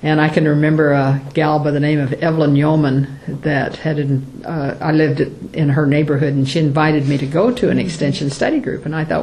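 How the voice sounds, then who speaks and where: An older woman giving an oral history interview, speaking haltingly with many fillers and restarts. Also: deep voice, fairly even intonation, a little mellow, slight background noise.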